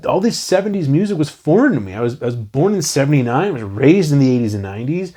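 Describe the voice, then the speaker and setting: A man's voice: on the high side, fast, slightly rough. A man in his forties co-hosting a casual movie review show, talking enthusiastically and quoting lines he loves. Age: 40s. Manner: enthusiastic, animated, quotes lines from the film. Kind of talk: casual film review chat.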